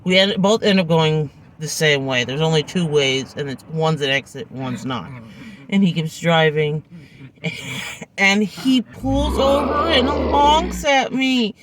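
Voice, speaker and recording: Animated woman telling a story. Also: deep voice, slow. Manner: animated, acts out the people in her story. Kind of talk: casual storytime vlog. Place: in her car.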